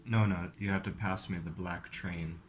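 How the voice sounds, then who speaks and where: A man's voice: sits low, fairly even intonation, normal speed, slight background noise. A man hosting a video, casually explaining the rules of a card game step by step. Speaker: host.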